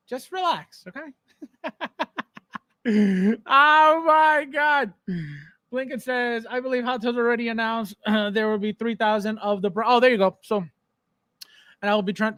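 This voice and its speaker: A man's voice: very high voice, a bit bright, dry recording. A man hosting a casual collectibles livestream, joking and teasing viewers by name. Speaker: podcast host.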